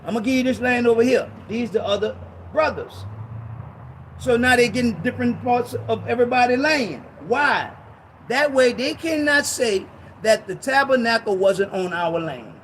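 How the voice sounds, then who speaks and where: This is a very high-pitched man delivering a casual sermon teaching from the Bible, forceful and slangy, circling back on his points and breaking out in shouted bursts. A faint hiss or hum sits under the recording.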